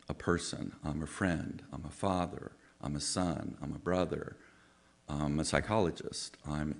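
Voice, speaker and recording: A man with a very low, gravelly voice delivers a conversational sermon-style talk. He is a psychologist who tells stories, often slipping into the voices of people he quotes. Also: darkish tone. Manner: chatty, storytelling, acts out quoted voices. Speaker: psychologist giving a Sunday talk.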